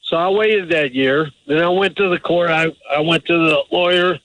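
A man with a slightly high voice calls in to a radio advice show. He tells a rambling, hesitant story, halting and restarting often. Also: a bit bright, dry recording, rough recording. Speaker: caller. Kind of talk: phone-in call.

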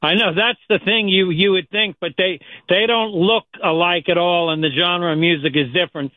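A male radio caller chats and spins a joke in a casual, storytelling way. His fairly high voice comes through a tinny, narrow phone line and sounds dry. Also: steady tone, moderate pace, no echo. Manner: chatty storyteller telling a joke. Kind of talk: casual call-in chat. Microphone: telephone.

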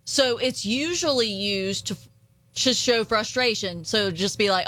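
A woman's voice: mid-range voice, a little slow, sharp tone, no echo. A woman with an Appalachian accent co-hosting a casual podcast chat, giggling often as she reads out phrases. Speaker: podcast co-host.

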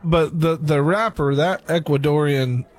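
A man with a somewhat high voice, chatting casually on a cigar review. He rambles a little and trails off before finishing his thoughts. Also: a little slow. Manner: relaxed, chatty, trails off mid-sentence. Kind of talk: casual chat.

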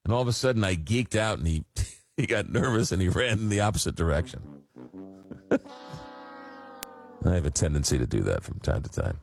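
A radio talk show host, telling a rambling story full of fillers. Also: male voice, low-pitched, big pitch swings, normal speed, creaky, long pauses, no echo. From Long Island, New York. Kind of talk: casual call-in radio chat. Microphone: studio microphone.

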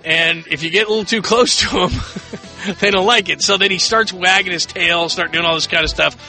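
A man's voice: high-pitched, fairly even intonation, moderate pace, bright, forceful tone, faint music behind. A man hosting a late-night sports radio show, talking in a chatty, rambling way with jokey asides. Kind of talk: casual radio talk.

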